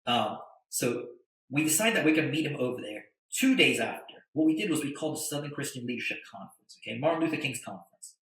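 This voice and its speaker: A middle-aged man tells a story as a podcast guest and acts out the voices of the people in it. His voice is bright and forceful. The room echoes around him. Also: mid-range voice, fast. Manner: animated storyteller, acts out quotes. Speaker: guest, attorney and entrepreneur.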